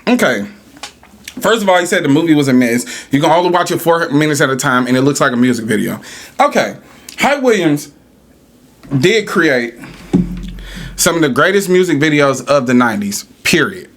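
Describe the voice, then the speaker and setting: Animated profane man ranting on a podcast. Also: fairly high pitch. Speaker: podcast host. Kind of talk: casual podcast rant.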